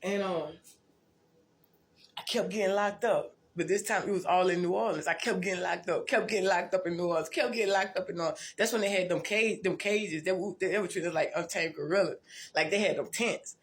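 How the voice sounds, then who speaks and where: A woman's voice: fairly low pitch, a little fast. A woman tells her life story in a blunt, profane, rambling way, often restarting and repeating herself. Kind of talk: casual storytelling monologue.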